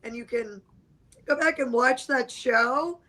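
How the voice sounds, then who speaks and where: A woman's voice: sits high, takes it slowly, pushed and bright, poor audio. A woman guest explaining astrology in a rambling, conversational way over a video call. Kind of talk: casual livestream chat.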